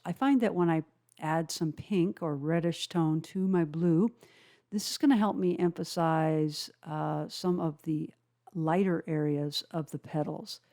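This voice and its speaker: A woman narrating a watercolor painting tutorial, calmly explaining each step with frequent "uh" pauses. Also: sits low. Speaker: watercolor instructor.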